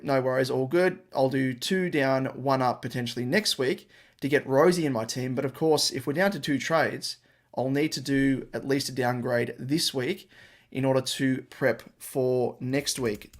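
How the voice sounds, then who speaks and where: A young man hosts a casual live stream and chats informally to his viewers. His voice sits at a middling pitch, and he rambles along easily while clicking through screens on his computer. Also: moderate pace. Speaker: fantasy football stream host.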